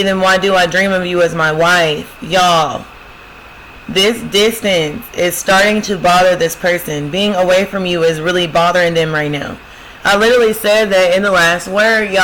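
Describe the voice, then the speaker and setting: A woman gives a casual prophetic love reading with a bright, sharp, forceful tone. She speaks straight to her viewers, keeps saying "y'all" and "I'm telling you," and reads song lines aloud before explaining them. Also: lowish voice, a little hiss or hum, poor audio. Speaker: spiritual love-reading host.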